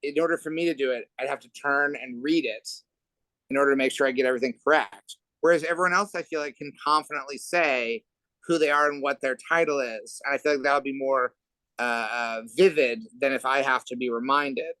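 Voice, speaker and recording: A man's voice: medium pitch, steady tone, brisk, pushed and bright, no room sound, poor audio. A man moderating a panel over a video call, rambling with wry, self-deprecating asides.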